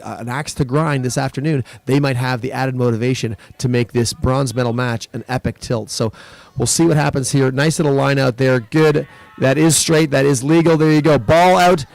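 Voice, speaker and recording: Male rugby commentator, gravelly, dry close sound, explains tactics and rises with the play. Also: a little mellow, no echo. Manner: explanatory, lifts pitch and volume during play. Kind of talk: live sports commentary. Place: school sports event.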